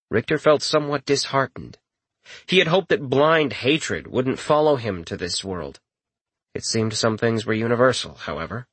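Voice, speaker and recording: A man narrating a fantasy story in a wry, expressive reading. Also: medium pitch, dry recording. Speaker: audiobook narrator. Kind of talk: scripted narration.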